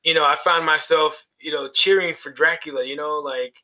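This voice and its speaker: A man talks through horror movies on a podcast in a loose, rambling way. He swears often and laughs at his own jokes. His voice sits a little high and sounds bright. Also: steady tone, moderate pace, poor audio. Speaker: podcast co-host. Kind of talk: casual chat about horror movies.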